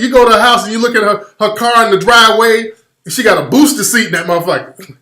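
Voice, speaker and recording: Brash comic storyteller, man, bright voice, echoey room. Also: high voice, fast talker. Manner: loud, profane, animated riffing. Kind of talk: comedic storytelling on a podcast. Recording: roomy studio echo.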